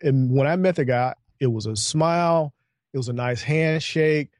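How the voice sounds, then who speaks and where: A man's voice: a little high, normal speed, no room sound, studio quality. Chatty man telling stories in an interview. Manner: chatty storyteller, animated quoted dialogue. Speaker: podcast guest, networking coach. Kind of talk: casual interview talk.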